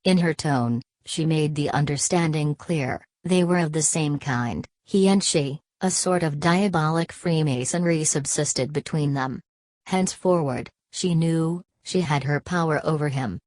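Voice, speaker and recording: A woman narrating a classic novel as an audiobook, reading in a measured, even way. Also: low-pitched, dry recording. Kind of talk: scripted narration.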